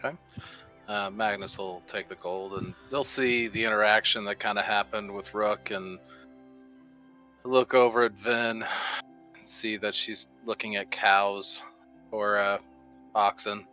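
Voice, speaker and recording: A man with a bright, forceful voice plays his character in a tabletop game. He is easygoing and politely formal. The audio sounds muffled and dull, with faint music behind. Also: on the low side, fairly even intonation, a little slow, pauses often. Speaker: player. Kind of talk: in-character play and narration.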